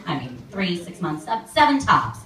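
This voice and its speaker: A woman's voice: lowish voice, very animated, moderate pace, sharp tone. A young woman doing a stand-up comedy set on stage, chatty and full of "like", acting out other people's voices as she goes. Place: comedy club stage with a live audience. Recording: echoey room, mic heard from a distance, crowd laughing.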